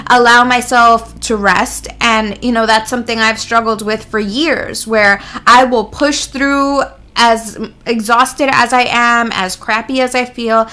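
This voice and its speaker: Bright-voiced woman sharing her story. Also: fairly high pitch. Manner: earnest and reflective, laughs lightly mid-sentence. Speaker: interview guest. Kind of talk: candid personal storytelling.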